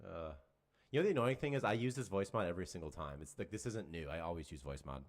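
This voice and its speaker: Brief: deep, low man, casual swearing game dev streamer, muttering frustration. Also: expressive, fast. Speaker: game developer on a livestream. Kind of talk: casual livestream chat. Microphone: desk microphone at a computer.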